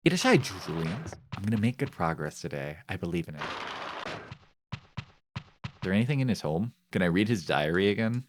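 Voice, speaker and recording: A man's voice: deep voice, big pitch swings, normal speed, long pauses, noisy background. A male streamer giving casual, joking commentary while playing a game, rambling and reading game text aloud. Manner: repeats phrases in shifting voices.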